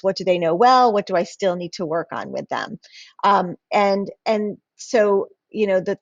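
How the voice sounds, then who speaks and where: A woman with a mid-range voice gives a casual professional development talk to teachers as an instructional coach. She sounds hesitant, full of fillers and restarts. The lo-fi recording has no room sound.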